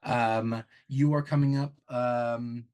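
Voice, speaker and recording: A man narrating as game master of a tabletop game, halting often with ums and restarts. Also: medium pitch, steady tone, darkish tone, poor audio.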